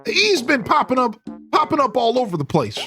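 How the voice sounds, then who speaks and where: Man doing a folksy old mole brother, put-on Jersey accent, pitched up high and lively, reads game lines aloud. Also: moderate pace, soft background music, full character voice. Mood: apologetic. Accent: put-on New Jersey. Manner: folksy, rambling, earnest. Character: older male mole, apologetic easygoing brother. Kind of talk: reading game dialogue aloud in character.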